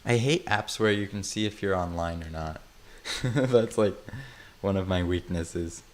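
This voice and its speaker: A man's voice: low-pitched, measured pace. A man casually chatting on a livestream while he works on a build, rambling and joking at his own expense. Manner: rambling, self-mocking, chuckles often.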